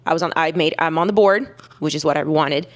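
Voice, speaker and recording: A woman's voice: deep voice, fairly quick. A young woman telling a personal story to camera in a candid, emphatic way, with many fillers and restarts. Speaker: weightlifter vlogger.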